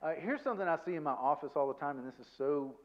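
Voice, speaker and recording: Male guest speaker, slightly high voice, chatty and self-deprecating, dull lo-fi recording. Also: lively intonation, very fast. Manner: chatty, self-deprecating, peppers points with "okay?" and "right?". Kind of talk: conversational seminar talk to a church audience.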